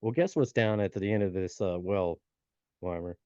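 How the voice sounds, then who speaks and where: A man's voice: sits low, moderate pace, darkish tone, smooth, dry recording. A man co-hosting a podcast, casually retelling a folk tale with lots of fillers and restarts. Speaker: podcast co-host. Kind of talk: casual storytelling chat. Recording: dull lo-fi podcast audio.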